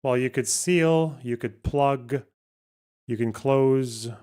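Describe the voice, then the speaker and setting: Hosting a casual livestream, this man thinks aloud and mutters his way through a word puzzle, swearing now and then. His mid-pitched voice has a darkish, clean tone, and he takes it slowly.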